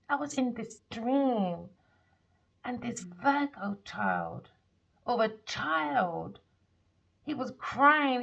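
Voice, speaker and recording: A woman's voice: on the high side, vocal fry, a bit bright, breathy edge. A woman giving a rambling, emphatic, slangy tarot reading in casual monologue. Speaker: tarot reader. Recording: dull lo-fi recording.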